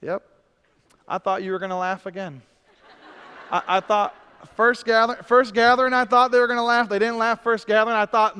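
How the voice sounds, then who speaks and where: A man preaches in a high, smooth, resonant voice, swinging from emphatic declarations down to hushed, intimate asides. He drops in humorous self-deprecating lines between points. His words ring out with the long reverb of a church sanctuary. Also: fairly even intonation, fairly quick. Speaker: pastor. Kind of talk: sermon.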